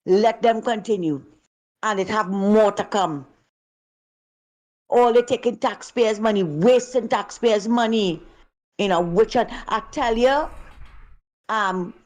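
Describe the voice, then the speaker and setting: A woman's voice: a little high, a little mellow. A woman calling in to a show, speaking emphatically and indignantly. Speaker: caller. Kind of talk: call-in political commentary.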